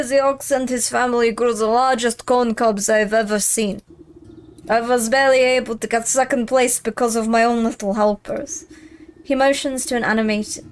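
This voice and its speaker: A woman's voice: a little high, close to an everyday voice. A woman voicing a grumbling male gourd farmer in a game, with a put-on Russian accent.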